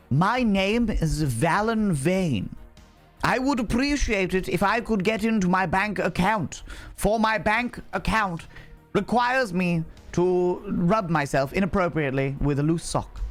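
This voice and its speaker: Guy putting on a posh prissy english bank caller, way up high and slow, super proper. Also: lively intonation, faint music behind. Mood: mock-formal. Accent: posh southern English. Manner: overly formal, precise diction. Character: prim posh man on a bank call.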